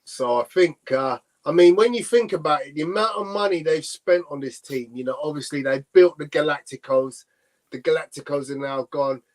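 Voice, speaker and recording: A man's voice: fairly high pitch, moderate pace. A man co-hosting a live football watchalong, chatting casually and thinking aloud in long, rambling remarks. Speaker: watchalong co-host.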